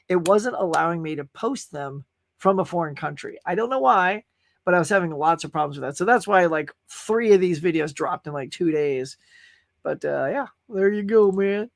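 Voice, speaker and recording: A man's voice: high voice, lively intonation, normal speed, vocal fry, no echo, studio quality. A man hosting a podcast, chatting casually and enthusiastically about movies he watched, with lots of restarts and fillers. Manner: enthusiastic, rambling, many restarts. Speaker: podcast host. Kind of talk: casual movie review chat.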